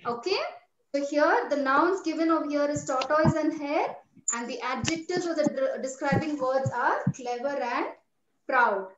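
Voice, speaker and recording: A woman's voice: high voice, normal speed. A woman teacher giving a grammar lesson to a class, patiently repeating each instruction and spelling words out letter by letter. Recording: echoey, dull recording with loud background noise.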